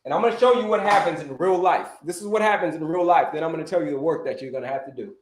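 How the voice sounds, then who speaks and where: Energetic man coaching in an echoey room. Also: a little high, racing. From Orlando, Florida. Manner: energetic, repetitive, calls out to viewers. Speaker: health coach and livestream host. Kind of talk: casual live-stream teaching.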